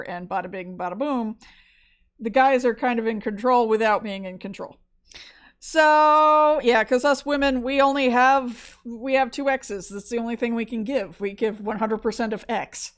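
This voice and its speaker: A woman college biology instructor giving a recorded lecture, chatty and digressive, with many fillers and side stories. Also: on the high side.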